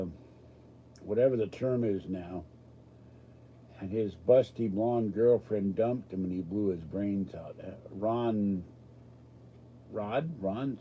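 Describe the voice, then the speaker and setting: A man's voice: fairly low pitch, dark tone, slight background noise, rough recording. A man hosting a live stream, chatting casually with a rambling, self-deprecating, joking manner. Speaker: livestream host answering chat.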